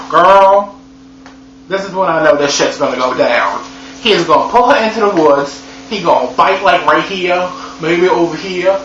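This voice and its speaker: A man reviewing a movie in a sassy, profane, animated comedy recap. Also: sits high, a little slow. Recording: echoey room, dull lo-fi sound, faint hum.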